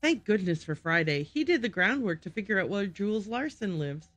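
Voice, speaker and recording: A woman livestreaming a game and chatting to her viewers. She is giggly and self-deprecating, and her pitch jumps around a lot. The sound is close and dry, with faint game music in the background. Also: expressive, fairly quick, a bit bright, no echo. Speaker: game streamer. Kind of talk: live gaming commentary.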